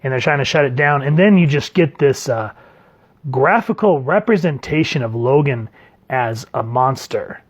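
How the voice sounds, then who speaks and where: A man's voice: medium pitch, animated, moderate pace, husky, muffled recording. Chatty man reviewing comics. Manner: chatty and enthusiastic, with filler words and laughs. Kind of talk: casual video review.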